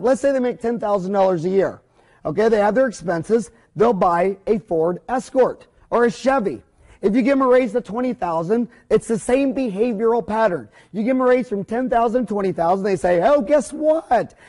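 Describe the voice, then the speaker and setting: A man's voice: high voice, a little fast, a little mellow. A middle-aged man giving a blunt, opinionated seminar lecture at a whiteboard, rambling with folksy mild cursing.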